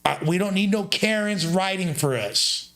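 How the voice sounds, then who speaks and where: A man hosting a casual live chat, talking in loose slang and jumping his pitch up for emphasis. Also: moderate pace, a bit bright. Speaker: streamer host.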